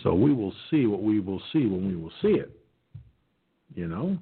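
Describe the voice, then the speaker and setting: A man's voice: lowish voice, sing-song, normal speed, slightly rough. A man hosting a political talk radio show, rambling with many fillers and restarts, who says he has not eaten and may sound like his mouth is full. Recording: tinny phone-like line.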